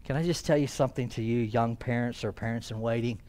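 A man preaching a sermon as pastor in a church, swinging from loud emphasis down to hushed near-whispers. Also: medium pitch, fairly even intonation, fast talker.

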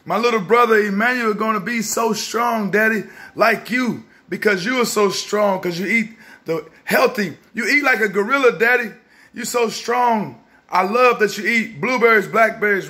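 A man voicing his excited young son, who gushes about berries and praises his daddy. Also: sits high, moderate pace, voice pushed up. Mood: gushing. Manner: gushing, breathless listing of berries. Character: excited little boy praising his dad.

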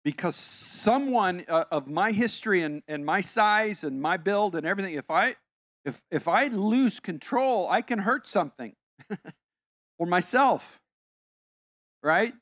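A man's voice: sits high, lively intonation, unhurried, fairly bright tone, no echo, clean studio sound. A man in his sixties, a pastor giving a conversational, emphatic sermon with personal stories. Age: 60s. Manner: conversational, emphatic, self-interrupting.

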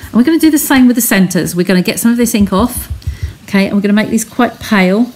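A woman's voice: medium pitch, animated, quick pace, a little mellow, a little hiss or hum. A woman chatting as she talks viewers through a craft technique step by step on a live stream from her home studio. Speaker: craft demonstrator.

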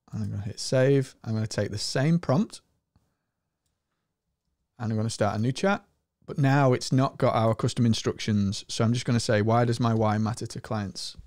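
A man with a Scottish accent hosting an energetic screen-share tutorial, talking with enthusiasm. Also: no echo, studio quality. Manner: energetic and enthusiastic, often rising in pitch. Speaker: host.

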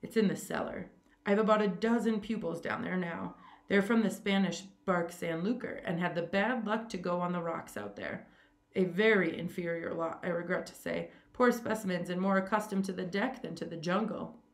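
A woman reading a story aloud, voicing a suave, cruel older male aristocrat with a smooth, amused, condescending manner. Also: fairly low pitch, normal speed, roomy sound, close to an everyday voice.

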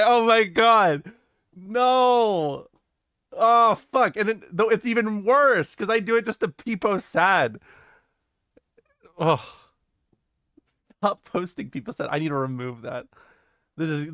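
A man's voice: high voice, fairly bright tone, no room sound, studio quality. A young adult man streaming casually, reading his chat aloud and answering it in a rambling, jokey way, often swearing and laughing.

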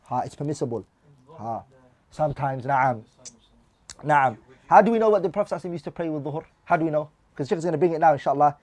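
A man teaching a religious class at a brisk pace, in a voice pitched a little high. He reads out lines of Arabic and then explains them in English, often putting questions to his students. The sound is dry and close. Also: expressive, darkish tone, dry recording.

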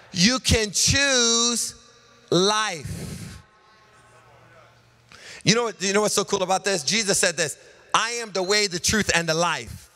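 Middle aged pastor guy preaching, bright sharp voice, lists stuff, loud then hushed, long church reverb. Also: sits high. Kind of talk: sermon. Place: large church hall. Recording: live church sermon with long hall reverb.

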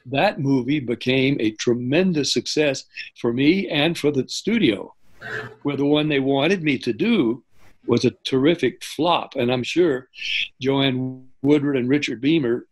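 An older man, a guest in an interview, telling lively anecdotes and often stopping to correct himself. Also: mid-range voice, a little slow, poor audio. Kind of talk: interview storytelling.

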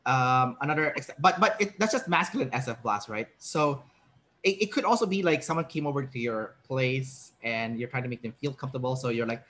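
A man's voice: mid-range voice, expressive, brisk, bright, forceful tone. A man hosting a casual interview as a personality trainer, explaining ideas and acting out short example lines.

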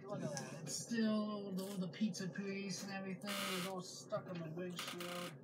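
A woman's voice: medium pitch, steady tone, normal speed, very noisy. A woman vlogging from her van, chatting casually and scolding her kids in exasperated outbursts. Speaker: family vlogger. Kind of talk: casual vlog chat. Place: inside a van.

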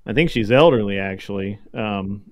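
A man's voice: fairly low pitch, moderate pace, a little mellow. Man with wry, needling jokes. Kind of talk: casual chat.

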